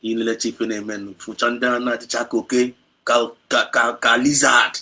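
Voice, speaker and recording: Husky, emotional Igbo-accented man. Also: mid-range voice, fairly even intonation, bright, forceful tone, low-quality recording. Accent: Igbo-accented Nigerian English. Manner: mixes Igbo and English, halting then fervent. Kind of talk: emotional commentary.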